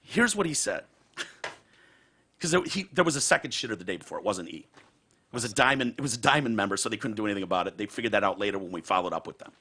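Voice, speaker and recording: A man hosting a podcast, telling a profane story with lots of swing in his voice. His tone is gravelly and husky, with a bright, forward edge. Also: lowish voice, expressive, fast talker. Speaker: podcast host. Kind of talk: casual chat, storytelling.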